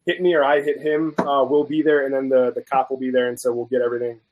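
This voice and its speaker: A man guest on a chat show, telling a story in a casual, animated way and acting out the quoted people. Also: medium pitch, fast talker, narrow, tinny audio. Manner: animated, acts out both sides of quoted dialogue. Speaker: guest food reviewer.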